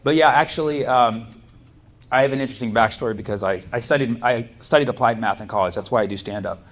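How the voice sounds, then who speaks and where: A man's voice: mid-range voice, quick pace. Laid-back male stand-up comic. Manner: laid-back and chatty, with many likes and you-knows and bursts of laughter. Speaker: stand-up comedian. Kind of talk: stand-up set with crowd work. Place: comedy club stage with an audience. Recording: live club room with noise.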